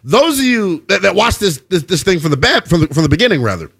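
A man hosting a post-game basketball show, giving emphatic, animated analysis and repeating points for effect. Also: high voice, fast talker, vocal fry, husky. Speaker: sports show host.

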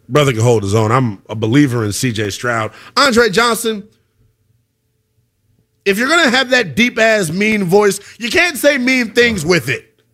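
A man's voice: mid-range voice, a bit bright. A man hosting a sports talk radio show, emphatic and conversational. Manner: emphatic, conversational, calls people brother.

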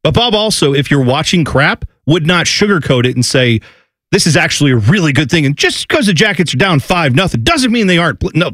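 A man co-hosting a casual sports talk show, opinionated and animated, breaking into loud mock announcer calls. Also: on the high side, a little fast, few pauses, no room sound. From Columbus, Ohio area. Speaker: podcast co-host.

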